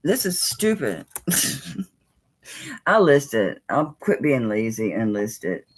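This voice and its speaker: A woman's voice: a bass voice, sing-song, slow pace, breathy edge, low-quality recording. A woman, chatting casually and folksily as she sells jewelry on a live stream.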